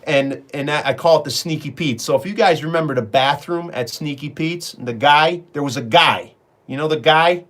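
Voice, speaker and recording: A man's voice: on the high side, normal speed, a bit bright. Chatty middle-aged man, rambling live-stream stories. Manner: rambling storyteller, talks to viewers by name. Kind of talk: casual chat on a live stream.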